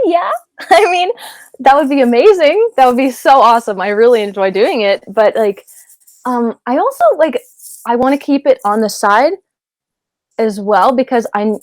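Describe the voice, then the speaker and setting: Giggly, rambling woman with a bright voice. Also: fairly high pitch, no room sound. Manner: rambling, giggly, wanders off on tangents. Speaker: guest voice actress. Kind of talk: casual interview chat. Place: home closet voice booth.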